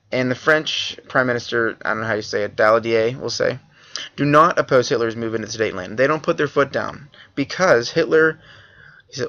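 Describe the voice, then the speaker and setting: History teacher guy, casual and jokey, gravelly bright voice, kinda muffled recording. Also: medium pitch. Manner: casual, joking asides. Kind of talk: classroom review lecture.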